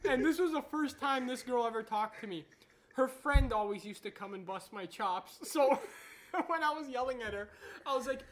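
A young man in casual, crude banter with friends, laughing often and defending himself loudly. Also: very high-pitched, lively intonation, normal speed, slight background noise.

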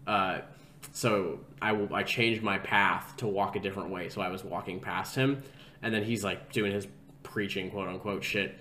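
Lowish-voiced young man with a faint hiss of background noise behind him. He talks in loose, casual podcast chat, filler-heavy and rambling as he tells his stories. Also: fairly even intonation, moderate pace, bright, forceful tone. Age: young adult. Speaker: podcast co-host.

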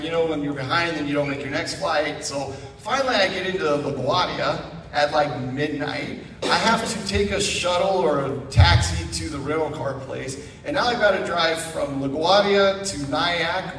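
A man speaks in a church as a guest, spinning a self-mocking story and jumping into the voices of the people in it. His voice sits a bit high for a man. It rings through a large hall with a long tail and reaches the mic from some distance. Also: a little hiss or hum. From Idaho. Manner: animated, self-mocking storyteller acting out quotes. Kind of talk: storytelling sermon. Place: church sanctuary.

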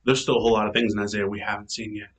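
Man, pastor, casual devotional talk, bright clear tone, chatty and enthusiastic. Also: on the low side, racing, rough recording. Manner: chatty, enthusiastic, self-described nerd; animated quoting in character voices.

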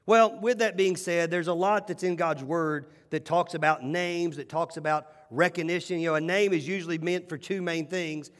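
A male pastor preaching a sermon with animated, emphatic storytelling and repeated phrases. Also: fairly high pitch, normal speed, few pauses. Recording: long hall reverb.

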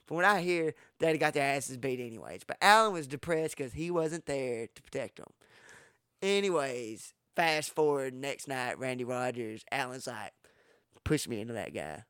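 A man from Texas, telling stories in casual podcast talk, profane and animated, acting out what people said with sudden loud jumps. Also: mid-range voice, moderate pace, clear, resonant tone, no echo, studio quality. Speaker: podcast host. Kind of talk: casual storytelling.

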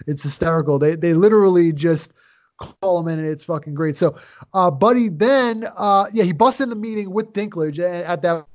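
A man's voice: high voice, moderate pace. Profane rambling man recapping a movie. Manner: profane, rambling plot retelling. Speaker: podcast co-host. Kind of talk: casual movie review chat.

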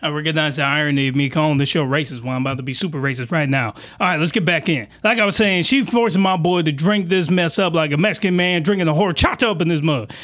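A man's voice: fairly high pitch, fast talker, few pauses, fairly bright tone. A man hosting a crude comedic reaction commentary, talking in rowdy, slangy, exaggerated outbursts. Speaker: commentary host.

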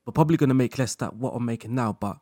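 A man speaking as a guest in a casual interview chat, relaxed, laughing often and talking in loose run-on sentences full of fillers. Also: medium pitch, rapid-fire, husky, no room sound, studio quality. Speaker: guest content creator.

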